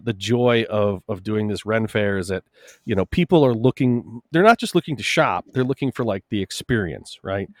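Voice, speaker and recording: A man on a casual podcast telling stories from his shop, animated and talkative, swearing casually. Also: no echo, clean studio sound. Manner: animated storyteller, swearing casually, lively rises in pitch. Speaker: podcast co-host, shop owner.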